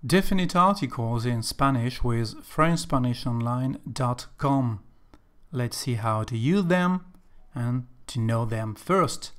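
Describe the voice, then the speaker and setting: Man, language teacher, slow deliberate delivery, patient explaining. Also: medium pitch, expressive, a bit bright. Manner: slow, careful explaining, slightly non-native English phrasing. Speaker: Spanish teacher. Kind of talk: language lesson narration.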